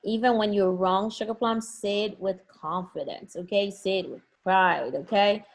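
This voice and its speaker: A woman's voice: medium pitch, fairly even intonation, normal speed. A woman teaching an online class from home, coaxing her students to answer with lots of encouragement. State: has a headache.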